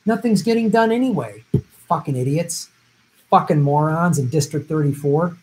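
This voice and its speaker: A man's voice: fairly high pitch, lively intonation, moderate pace, darkish tone, low-quality recording. A man hosting a live stream, giving blunt, profane, opinionated commentary on election-night results.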